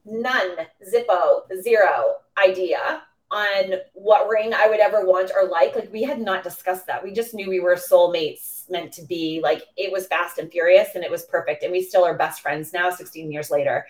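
A woman in her forties from the Boston area, a coach telling stories as a podcast guest in a gushing, excitable way with lots of fillers. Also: fairly low pitch, normal speed, few pauses. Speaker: interview guest, women's coach. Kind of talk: animated storytelling in a podcast interview.

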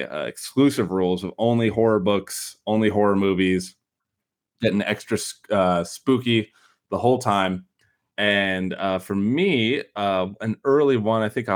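Deep-voiced Chicago man chatting. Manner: rambling, loose, with frequent fillers. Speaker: podcast host. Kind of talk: casual chat.

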